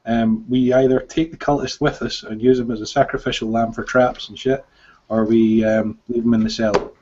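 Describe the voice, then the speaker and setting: Man, tabletop player, mid-range voice, joking, thinking out loud, lo-fi muffled sound. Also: mid-range voice, flat delivery, normal speed, a little hiss or hum. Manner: chatty, joking, thinks aloud. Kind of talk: casual tabletop game chat. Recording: dull lo-fi recording.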